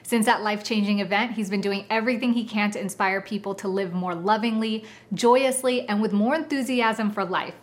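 A woman's voice: mid-range voice, steady tone, a little fast, few pauses. A woman hosting a podcast interview, introducing her guest and asking questions in an enthusiastic, casual way, with fillers like "like" and "I mean". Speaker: podcast host.

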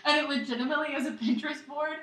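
A woman's voice: high voice, fairly even intonation, racing, a bit bright. A young woman in her twenties co-hosting a podcast, chatting casually with a wry, self-mocking humor. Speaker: podcast co-host. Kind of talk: casual chat. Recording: echoey room.

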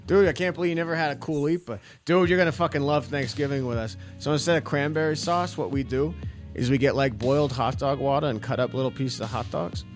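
A man's voice: mid-range voice, fast, pitched below the performer's own voice, close to an everyday voice. A brash, swaggering Chicago guy with a thick Chicago accent, as a man puts him on. He talks crude and boastful, tosses "dude" into everything, and faint music plays behind him. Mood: enthusiastic.

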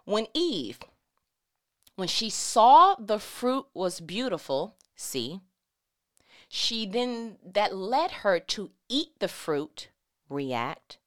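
A woman's voice: mid-range voice, sing-song, drawn-out words, a bit bright. A woman giving a casual Bible teaching. She reads scripture aloud and breaks into playful, slangy asides.

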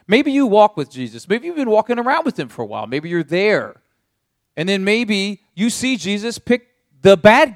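A man's voice: high-pitched, no echo, clean studio sound. A man preaching a sermon as a pastor, telling the story vividly and speaking straight to his listeners. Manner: animated storytelling in second person.

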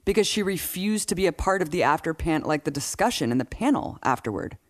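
A man co-hosting a podcast, chatting casually about politics, incredulous and animated as he retells events. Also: fairly high pitch, fairly quick. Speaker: podcast co-host.

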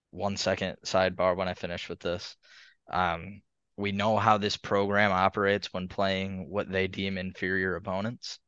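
A man's voice: deep voice, a bit bright, smooth, dry recording. A man co-hosting a podcast, rambling through a casual sports chat and laughing between points. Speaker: podcast co-host. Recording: slightly muffled lo-fi audio.

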